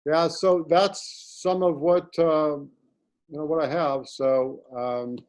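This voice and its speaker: A man's voice: fairly high pitch, fairly even intonation, slow pace, darkish tone, low-quality recording. Earnest man telling rambling stories. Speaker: guest. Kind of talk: casual conversation.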